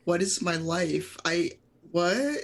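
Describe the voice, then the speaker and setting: A woman's voice: on the low side, lively intonation, takes it slowly, slight background noise. A woman voicing a flustered male elf warrior in a tabletop game, stammering in disbelief. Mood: baffled.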